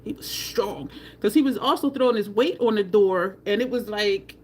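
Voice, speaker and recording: A woman's voice: a little high, lively intonation, moderate pace, few pauses, a little mellow, a little hiss or hum. A woman beauty vlogger, telling a story casually and expressively to her viewers, now and then swearing.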